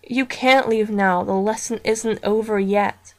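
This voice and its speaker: A woman voicing a vengeful haunted female virtual pet, speaking slowly, coldly and accusingly. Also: mid-range voice, steady tone, lightly acted. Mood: menacing.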